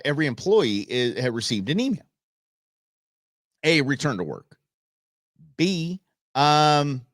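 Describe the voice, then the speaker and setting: A man's voice: on the high side, a bit bright, no room sound, studio quality. A man hosting a live commentary show, talking in a rambling, chatty way with many restarts. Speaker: talk show host.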